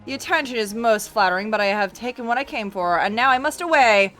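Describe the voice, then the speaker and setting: A woman reading the lines of a smug, mocking gentleman thief from a game in a haughty tone. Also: a little high, fast, faint music behind, lightly acted.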